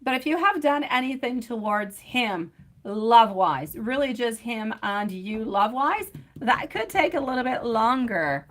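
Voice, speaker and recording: A woman's voice: a little high, animated, unhurried, fairly bright tone. A woman doing a live-stream tarot reading, affectionate and chatty, calling her viewers pet names like sweetie and my love. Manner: chatty, sings snatches while shuffling.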